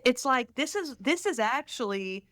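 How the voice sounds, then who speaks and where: A woman's voice: high voice, lively intonation, normal speed, fairly bright tone, dry recording. A middle-aged woman from Texas, a podcast guest who tells stories animatedly and now and then slips into quoted voices. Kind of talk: casual conversational interview.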